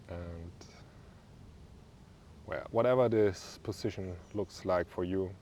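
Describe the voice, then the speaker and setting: A young man with a German accent, working as a yoga instructor, leads a guided stretching class in a calm, easygoing way with small joking asides. His voice is low-pitched and slow, with a little hiss or hum in the audio.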